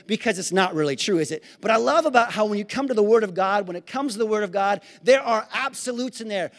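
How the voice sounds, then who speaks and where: High-voiced preaching man in a reverberant hall. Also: a little fast, hardly any pauses. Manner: shouted praise then conversational asides. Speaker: pastor. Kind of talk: sermon. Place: church sanctuary.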